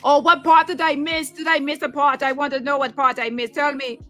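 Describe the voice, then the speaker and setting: A woman putting on the voice of a loud, clueless woman who keeps pestering people in a quiet place, shrill and demanding. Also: level tone, fairly quick, loud music behind the voice, close to an everyday voice.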